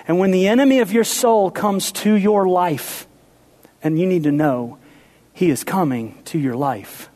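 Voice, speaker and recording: Playful preaching man, slightly high voice. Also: measured pace. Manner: playful, then hushed and intense. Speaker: pastor. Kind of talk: sermon.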